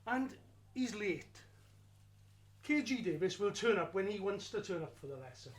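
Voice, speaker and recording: A man telling a lively first-person story of his school days, wry and slowing down for emphasis. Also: sits high. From Wales.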